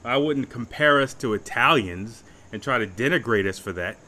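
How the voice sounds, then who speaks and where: At normal speed and medium pitch, a young man reacts to a livestream, sounding animated, pushed and bright. His commentary is blunt, profane and casual, and he frequently repeats phrases while picking his words.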